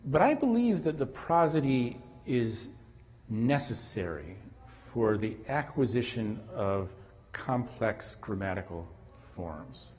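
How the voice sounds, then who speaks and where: A man's voice: lowish voice, a little mellow. Man lecturing in a reverberant hall. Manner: halting, frequent restarts and fillers. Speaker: conference lecturer. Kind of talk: academic lecture. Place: conference hall.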